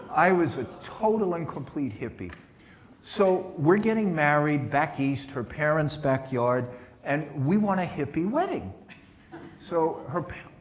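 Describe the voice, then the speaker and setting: A middle-aged man giving a humorous talk to an audience, joking in a loose, conversational way. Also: on the high side. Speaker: speaker.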